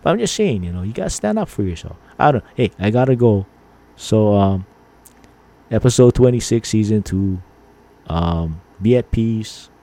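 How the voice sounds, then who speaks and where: A man's voice: on the low side, very animated, moderate pace, mellow. A middle-aged man from Hawaii hosting a podcast, rambling through stories with lots of fillers and acting out angry lines. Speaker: podcast host. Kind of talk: casual storytelling monologue.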